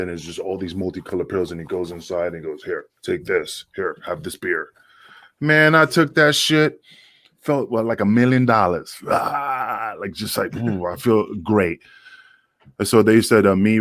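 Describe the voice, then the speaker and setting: Deep-voiced ex-wrestler telling stories. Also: male voice, a bit bright, no echo. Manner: loose, profane, halting with many fillers. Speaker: former pro wrestler, guest. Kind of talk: casual storytelling.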